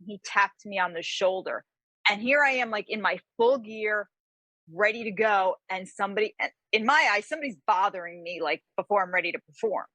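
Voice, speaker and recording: A woman from the New York area, a guest author telling stories in a casual interview, animated and full of restarts and fillers. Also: medium pitch, a little fast, no room sound. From New York area, USA. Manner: animated, lots of fillers and restarts, acts out quotes.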